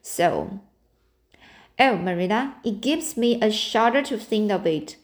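A woman's voice: mid-range voice, lively intonation, unhurried, natural voice. A woman reading the part of a dreamy, talkative orphan girl in an audiobook, in an earnest, romantic and breathless manner. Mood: frightened.

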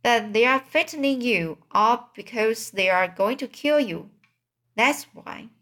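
A blunt old sheep, as a woman reads her, snappish and matter-of-fact. She delivers grim news slowly in a storybook reading. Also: on the high side, lively intonation, pushed and bright, full character voice.

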